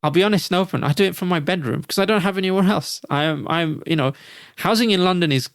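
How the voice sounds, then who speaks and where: A man co-hosting a casual podcast, his voice carrying a gravelly fry. He talks in a reflective, hesitant way and often restarts his sentences. The sound is dry and close, with no room around it. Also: sits high, fast, a bit bright, no room sound. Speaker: podcast co-host.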